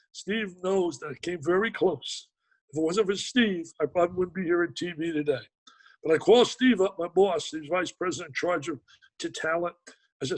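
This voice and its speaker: An older man and sportscaster, a guest telling a personal story in an interview, animated and often repeating himself as he goes. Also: high-pitched, breathy edge, rough recording. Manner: animated, repeats and restarts phrases.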